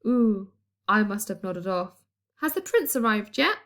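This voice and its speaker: An enormous plant-like monster woman just waking up, yawning through her words, as a woman reading a storybook puts her on. Slow, drowsy and unbothered. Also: medium pitch, sing-song, a bit bright.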